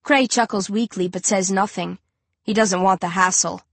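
A woman narrating a first-person audiobook in an even storytelling manner. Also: mid-range voice, normal speed, slightly rough, no echo.

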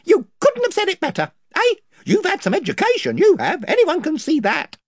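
A chorus of invisible creatures: very high, squeaky, eager yes-men. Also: wildly swooping pitch, normal speed, no echo, studio quality, full character voice. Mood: fawning. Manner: squeaky, fawning, repetitive agreement.

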